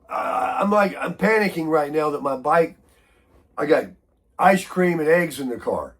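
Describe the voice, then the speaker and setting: Husky, congested American man chatting. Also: fairly high pitch, expressive, normal speed. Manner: rambling storytelling, grumbling. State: sick, congested and hoarse. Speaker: vlogger. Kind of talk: casual morning chat.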